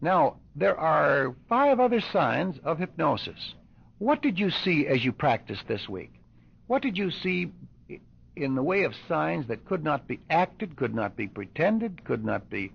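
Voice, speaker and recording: An older man teaches a room of doctors, asking question after question and repeating key points. His voice is gravelly and husky, and it rises and falls with lively pitch. The sound is dull, like an old lo-fi tape. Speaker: hypnosis instructor.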